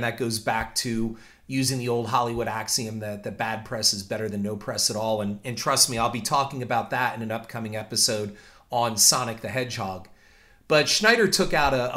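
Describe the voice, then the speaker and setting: A man hosting a show, telling a story in animated commentary and often repeating words as he talks. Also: mid-range voice. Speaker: podcast host.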